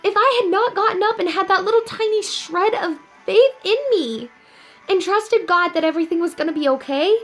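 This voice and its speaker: A young woman talking earnestly and upbeat to her viewers in a casual inspirational vlog, telling a story with animated ups and downs. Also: very high voice, rough recording. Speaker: vlogger.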